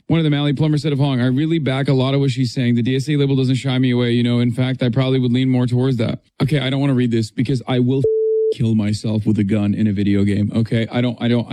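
Male online ranter, exasperated and profane, dark dry voice. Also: mid-range voice, no room sound. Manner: exasperated, profane, repeats himself. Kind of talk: ranting online commentary.

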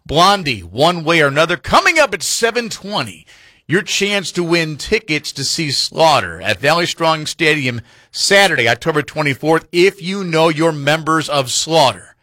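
A man's voice: a little high, big pitch swings, moderate pace, bright, forceful tone, no echo, clean studio sound. A man hosting a morning classic rock radio show, talking in a chatty, jokey way.

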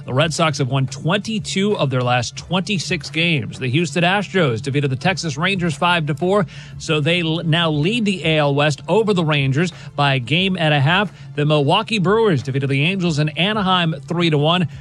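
A man's voice: on the high side, normal speed, fairly bright tone, poor audio. A male anchor reading a sports news update.

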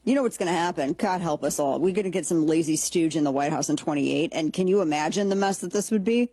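A woman's voice: low-pitched, fast, dark tone, slightly rough, no room sound. A woman hosting a political talk show. She gives opinionated commentary in a sarcastic, blunt and jokey way, and often restarts her sentences.

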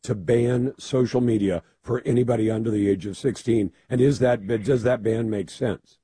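A man hosting a talk radio show with a gravelly, hoarse voice, asking pointed questions in a conversational way. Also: medium pitch, steady tone, moderate pace, dark tone, no echo.

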